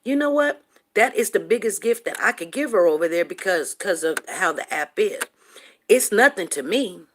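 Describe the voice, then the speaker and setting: A woman hosting a livestream show, telling a story to her viewers in an animated, emphatic way and calling them honey. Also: medium pitch, normal speed, a little hiss or hum. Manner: animated, emphatic, calls listeners "honey" and "you guys".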